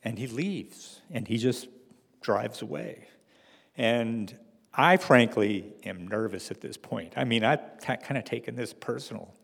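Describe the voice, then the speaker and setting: Gravelly man telling a wry story. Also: medium pitch, long reverb tail. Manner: wry, halting, with frequent restarts and fillers. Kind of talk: personal story told to an audience.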